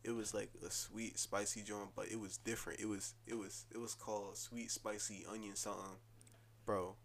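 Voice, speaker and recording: A young man co-hosting a podcast, telling food stories in animated slang with mock emotion. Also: fairly low pitch, moderate pace, slight background noise. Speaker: podcast co-host. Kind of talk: casual chat.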